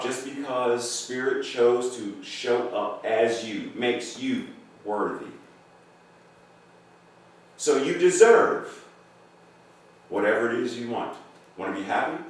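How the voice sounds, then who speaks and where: A man delivers a sermon in a church sanctuary, pressing his points with sudden loud emphasis and then quiet, drawn-out endings. He is picked up from a distance, so a heavy, lingering echo and faint background noise surround his mid-pitched voice. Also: animated. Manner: emphatic, swings between loud declarations and hushed lines. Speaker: guest minister. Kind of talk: sermon with storytelling. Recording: very echoey hall, voice from afar, faint noise.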